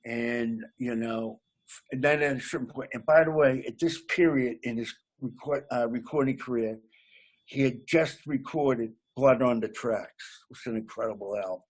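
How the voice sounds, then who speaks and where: A man from Massachusetts, a comedian guest telling a lively anecdote. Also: medium pitch, normal speed. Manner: animated anecdote teller, laughs along. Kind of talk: casual storytelling.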